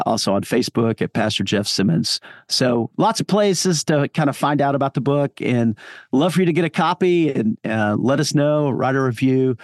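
A man's voice: mid-range voice, no echo, studio quality. A man speaking as a pastor guest on a podcast interview, talking in an earnest, encouraging, sermon-like way with frequent fillers.

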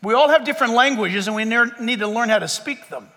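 A man preaches to his congregation in a sharp, forceful voice that sits very high. He jumps between plain teaching and acted-out bits of imagined talk. Long reverb rings from the church hall around him. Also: fast. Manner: animated preaching, acts out voices of listeners. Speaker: pastor. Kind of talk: sermon. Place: church sanctuary before a congregation.

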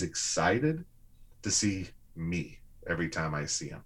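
A man, a guest on a conversational show, telling personal stories in an animated, lively way. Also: low voice, a little slow, husky. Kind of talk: casual conversational storytelling.

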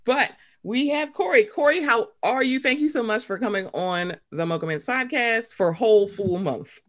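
A woman hosting a podcast in casual chat, animated and profane, telling jokey stories. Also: on the high side, normal speed. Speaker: podcast host.

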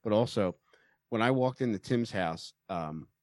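A man's voice: on the low side, lively intonation, measured pace, darkish tone, no echo. A man telling an anecdote in casual podcast chat, swearing and mimicking voices in quotes. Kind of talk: casual storytelling.

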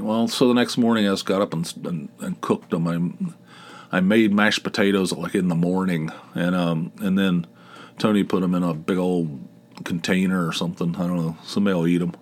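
A middle-aged man hosting a podcast, telling a rambling, animated story in casual talk, swearing and acting out a neighbor's lines. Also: fairly low pitch. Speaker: podcast host.

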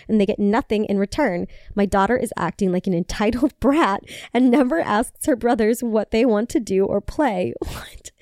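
A woman's voice: on the high side, dark tone, no echo, clean studio sound. A woman hosting a podcast, reading forum posts aloud and reacting with laughter, swearing and lots of "like.". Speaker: podcast host.

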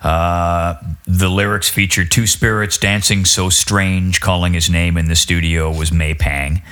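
Low-voiced male host, relaxed and chatty, quick to laugh through a story. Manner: laughs easily while telling anecdotes. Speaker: podcast host. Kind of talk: casual music chat.

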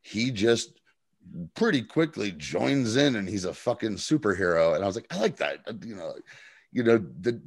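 Gravelly-voiced man recapping a show. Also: on the low side, normal speed. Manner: animated retelling with quoted voices and laughs. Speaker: podcast co-host. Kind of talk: casual recap chat.

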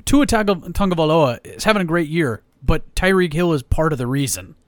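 A man's voice: on the high side, expressive, brisk, dry recording, clean studio sound. A man co-hosting a sports podcast, talking casually, swearing and joking a lot. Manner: profane, joking. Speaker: podcast co-host.

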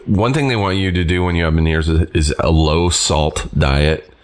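A man's voice: deep voice, normal speed. A middle-aged man co-hosting a podcast, in laid-back casual chat, swearing freely. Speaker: podcast co-host.

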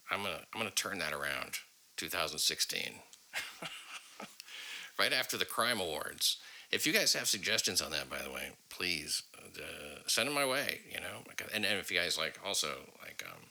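A man's voice: low-pitched, vocal fry, sharp tone, poor audio. A man hosting a podcast, talking in a rambling, profane way with many fillers. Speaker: podcast host. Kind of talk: casual podcast chat.

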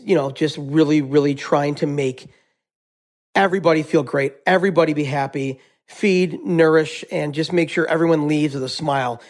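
Man, chef, casual rambling talk, laughs a lot, slightly high voice. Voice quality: laughs often, rambling with repeated fillers. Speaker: chef guest. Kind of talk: casual interview answers and joke telling.

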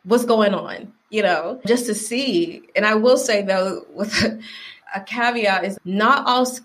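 A woman's voice: mid-range voice, measured pace. Southern american woman telling stories in a chat, voices the people she quotes, keeps it loose. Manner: animated storyteller who acts out quoted people. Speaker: podcast guest. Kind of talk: casual conversation.

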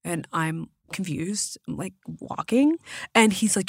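Woman podcast guest, animated storyteller, acts out quotes, dry close studio sound. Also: mid-range voice, a little slow, no room sound. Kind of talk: casual storytelling.

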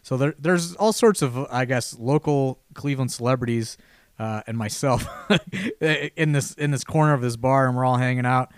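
A man's voice: mid-range voice, normal speed, clear, resonant tone, no room sound, studio quality. A man hosting a casual podcast chat, telling a long, rambling anecdote with lots of "you know" and false starts. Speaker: podcast host telling a story.

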